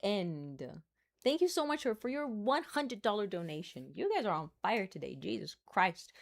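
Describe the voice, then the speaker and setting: A woman hosting a casual livestream, chatting and thanking donors with frequent laughter. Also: lowish voice. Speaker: livestream host. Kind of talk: casual livestream chat, reading donations.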